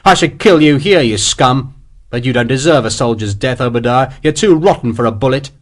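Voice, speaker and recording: A hard, vengeful soldier snarling threats at a traitor, as a male narrator plays him. His delivery is forceful with lively rises in pitch. An audiobook hero in a cold rage. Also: fairly quick, natural voice. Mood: furious.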